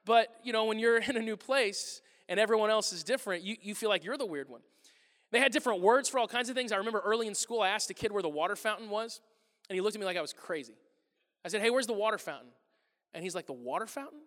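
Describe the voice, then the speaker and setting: A pastor preaching a sermon, telling stories with lively acted-out exchanges and loud bursts. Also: male voice, high voice, quick pace. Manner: animated storytelling, acting out exchanges with loud bursts. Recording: long reverb of a large hall.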